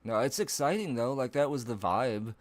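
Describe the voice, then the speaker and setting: A man's voice: mid-range voice, animated, moderate pace, dry recording. A man vlogging in a casual, rambling, profane way as a YouTuber. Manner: profane, rambling, laid-back. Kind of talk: casual vlog chat.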